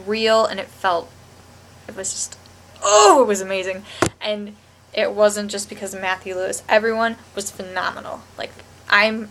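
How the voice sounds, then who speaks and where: A woman's voice: mid-range voice, fairly bright tone, slight background noise. A young woman vlogging a rambling, gushing TV review with lots of restarts. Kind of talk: casual chat to camera.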